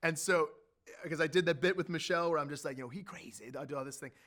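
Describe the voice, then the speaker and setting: A man telling an animated story as an interview guest, acting out what others said. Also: fairly high pitch, very fast. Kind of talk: conversational anecdote telling.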